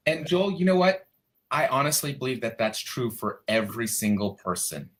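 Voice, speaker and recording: A man's voice: medium pitch, very animated, moderate pace, fairly bright tone. Earnest male guest with heartfelt emphasis. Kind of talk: promotional pitch and chat.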